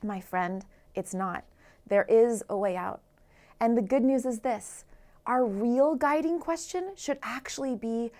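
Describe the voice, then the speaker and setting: A woman's voice: fairly high pitch, measured pace, darkish tone. A woman author giving an earnest motivational talk, asking the listeners rhetorical questions. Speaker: author and speaker.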